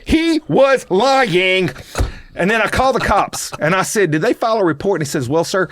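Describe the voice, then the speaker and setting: A middle-aged man, co-hosting a podcast and telling a story in a casual, animated way that builds to loud outbursts. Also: sits high, normal speed, a little hiss or hum. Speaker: podcast co-host.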